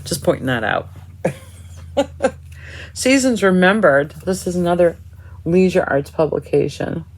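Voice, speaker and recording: A woman's voice: on the low side, animated, unhurried, a little hiss or hum, low-quality recording. A woman casually showing her cross stitch chart books to viewers, chatty and admiring, thinking aloud as she flips pages. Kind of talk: casual show-and-tell of craft books.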